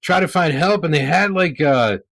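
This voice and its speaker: A man co-hosting a film review podcast with a slightly higher voice. He agrees readily, backs up his co-host, and tosses in quick wisecracks throughout. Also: expressive, fairly bright tone. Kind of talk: casual film review chat.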